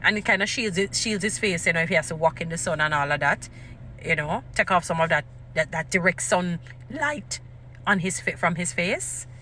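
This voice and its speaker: A woman giving casual commentary, animated and emphatic, repeating phrases for stress. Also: fairly low pitch, normal speed, slight background noise.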